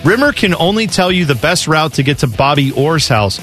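A man's voice: a little high, very animated, brisk, a bit bright, faint music behind. A man co-hosting a sports radio show, chatting casually and reading out listener questions with frequent laughter.

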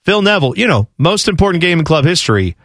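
Animated, ranting male sports talk host. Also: a little high, fast talker, no room sound, clean studio sound. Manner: animated, ranting, frequent restarts.

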